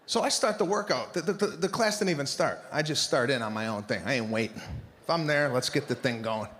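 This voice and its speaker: A man doing a stand-up comedy routine with animated, exasperated ranting. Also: medium pitch, a little fast, slight background noise. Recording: live stage with long reverb, faint ambience.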